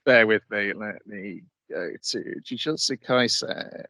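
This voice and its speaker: A man co-hosting a podcast in casual chat, calmly reading out episode summaries. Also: lowish voice, takes it slowly, dry recording. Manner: laid-back, reads episode summaries aloud. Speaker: podcast co-host.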